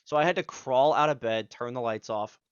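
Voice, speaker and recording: A young man co-hosting a podcast, spinning a long, rambling story full of swearing and acted-out lines. His voice sits at an ordinary middle pitch and comes through slightly dull and dry, with no room sound. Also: fairly quick, clear, resonant tone, dry recording. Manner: rambling, profane, acts out quotes. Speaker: podcast co-host. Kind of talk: casual storytelling chat.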